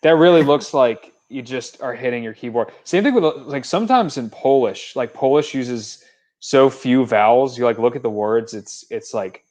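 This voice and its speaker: A young man co-hosting a casual livestream chat. He talks in an easygoing, chatty way with plenty of fillers, at an ordinary mid pitch. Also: moderate pace, darkish tone. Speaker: podcast co-host.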